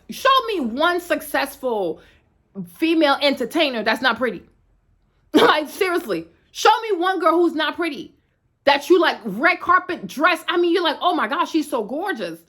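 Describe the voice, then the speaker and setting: High-voiced woman, blunt and sassy. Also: a bit bright. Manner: emphatic, repeats "right?" tags, slangy and sassy. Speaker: fitness influencer. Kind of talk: blunt direct-to-camera rant.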